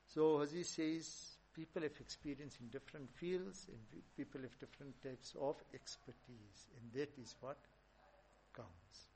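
A man preaches in a fairly high voice, telling stories with emphatic repetition. A faint noise sits under his talk. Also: a little slow, darkish tone, low-quality recording. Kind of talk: sermon storytelling.

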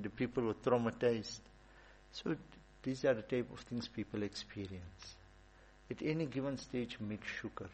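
A man's voice: medium pitch, poor audio. A man giving an informal religious talk, telling stories and repeating points for emphasis. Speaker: religious teacher.

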